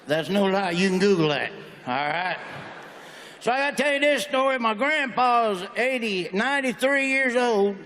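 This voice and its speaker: Southern stand-up comic in a big hall. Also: male voice, high voice, animated, pushed and bright, a little hiss or hum. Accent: Southern American. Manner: folksy drawl, rapid-fire punchlines. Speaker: stand-up comedian. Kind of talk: stand-up comedy set. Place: large hall on stage. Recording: stage mic in a big reverberant hall.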